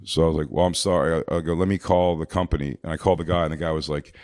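A man's voice: a bass voice, little pitch movement, rapid-fire, a little mellow, no room sound, clean studio sound. A man telling a long, rambling, profane story in a casual chat, full of fillers and restarts.

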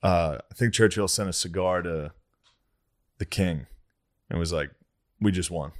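A man's voice: deep voice, a little slow. A man co-hosting a casual chat, chiming in with short, profane asides.

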